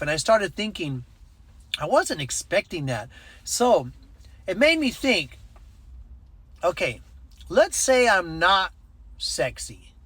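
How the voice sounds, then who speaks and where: A man tells a personal story in a loose, easygoing way, with a fairly high voice for a man. He slips into the voices of the people in his story and breaks off into short preachy asides. The sound is close and dry, with no room echo. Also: a bit bright. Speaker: ministry network leader. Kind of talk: casual storytelling vlog.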